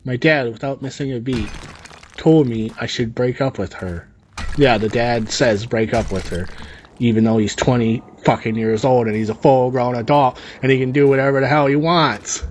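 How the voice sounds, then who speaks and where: A man's voice: mid-range voice, steady tone, normal speed, slight background noise. A man reading a story aloud and adding sarcastic, rambling comic asides over gameplay. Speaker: story reader and commentator.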